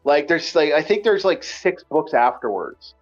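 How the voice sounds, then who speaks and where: A man hosting a casual online book-review chat, emphatic and animated, repeating himself often. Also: on the high side, normal speed, dull audio, soft background music. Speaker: podcast host.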